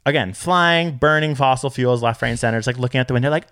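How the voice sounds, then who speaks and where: A man chatting casually as a co-host, telling animated stories and acting out quotes with big jumps in his voice. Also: fast, few pauses. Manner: animated storyteller who acts out quotes with big pitch jumps. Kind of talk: casual chat.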